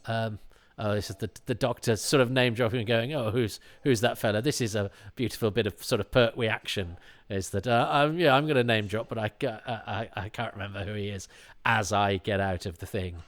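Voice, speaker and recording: A man's voice: fairly low pitch, fairly quick. A man hosting a commentary podcast, chatting in a rambling way with many restarts and asides. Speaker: podcast host.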